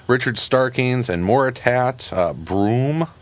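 A man hosting a casual podcast, reading out news with many halting fillers. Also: medium pitch, highs cut off. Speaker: podcast host.

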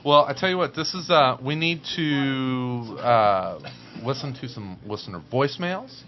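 A man's voice: medium pitch, a little slow, faint music behind. Man co-hosting a chatty podcast. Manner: laughing, relaxed. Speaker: podcast co-host. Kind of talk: casual chat. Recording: dull lo-fi sound.

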